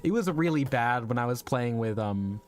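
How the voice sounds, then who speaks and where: A young adult man, a VTuber streamer, chats casually with viewers during a live game stream, rambling and laughing often. His mid-range voice is expressive and a little strained, at a moderate pace, with faint music in the background.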